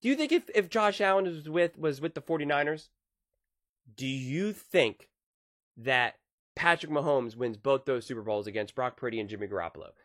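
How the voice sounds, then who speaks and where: A man's voice: medium pitch, animated, normal speed, a bit bright, dry recording, studio quality. A man giving a sports opinion monologue, arguing with rhetorical questions and rising to emphatic peaks.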